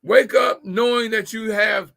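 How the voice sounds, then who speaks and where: Gravelly, folksy man preaching business mindset. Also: sits high, steady tone, unhurried, bright, forceful tone. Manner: folksy, preachy, repeats key phrases. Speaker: host. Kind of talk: motivational business talk show.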